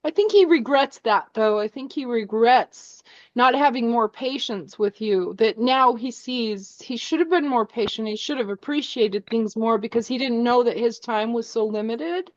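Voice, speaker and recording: A woman working as a psychic medium, speaking gently and hesitantly with many restarts during a spiritual reading. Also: a little high, normal speed, dry recording. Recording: dull lo-fi sound.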